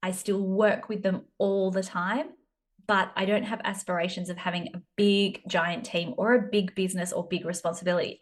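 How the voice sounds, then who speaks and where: A woman in her thirties with an Australian accent, hosting a solo business podcast in a chatty, self-deprecating way. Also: lowish voice. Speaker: podcast host, business coach. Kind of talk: casual solo podcast talk.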